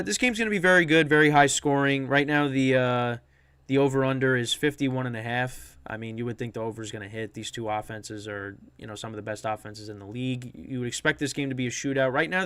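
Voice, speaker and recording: A man's voice: medium pitch, fairly bright tone, clean tone, no room sound. A man hosting a sports podcast, talking loosely and unscripted with many restarts and fillers. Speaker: podcast host. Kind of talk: casual sports podcast talk.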